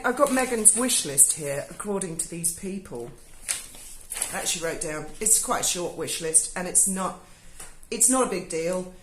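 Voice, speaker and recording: British woman, sarcastic, sweary, lively pitch, echoey room. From Britain. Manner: sarcastic, swears freely, mocking asides. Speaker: YouTuber. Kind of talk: sarcastic review monologue. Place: home in Spain.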